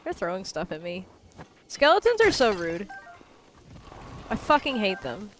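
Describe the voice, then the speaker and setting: A woman's voice: medium pitch, huge pitch swings, a little slow, soft background music. A woman streaming a video game, giving goofy, playful running commentary and swearing casually.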